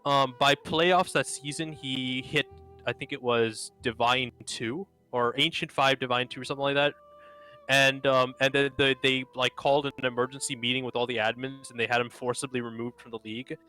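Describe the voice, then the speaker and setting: Young man, bright voice, rambling casual post-game chat, lots of fillers. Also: mid-range voice, steady tone, normal speed, soft background music. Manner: rambling, heavy use of "like". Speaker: co-caster.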